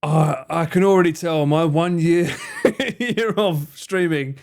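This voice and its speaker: A man's voice: on the high side, takes it slowly. A man hosting a livestream, chatting casually and in an amused way as he reacts to clips and thinks aloud. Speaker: livestream host.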